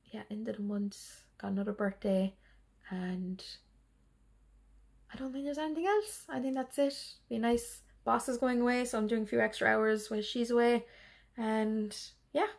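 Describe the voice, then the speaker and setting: Woman vlogging about cross stitch, kinda tired, bit of vocal fry, chatty and rambly. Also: fairly high pitch, moderate pace. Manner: rambling, chatty, laughs often. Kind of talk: casual chat.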